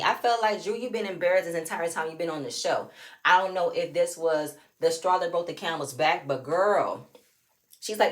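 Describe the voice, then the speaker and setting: A woman talks through a reality show episode in a casual, sassy way. She sits on the lower side of the usual female range, and she keeps slipping into other people's voices to act out what they said. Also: moderate pace. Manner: animated, sassy, reenacts quotes in shifting voices. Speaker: reality TV recap vlogger. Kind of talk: casual recap commentary.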